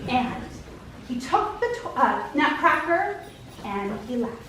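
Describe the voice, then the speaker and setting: Woman storyteller, very high lively voice, slow and drawn out, echoey hall, heard from far off with noise. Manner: animated, calls out to the kids. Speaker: storyteller leading a children's show. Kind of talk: interactive storytelling to children.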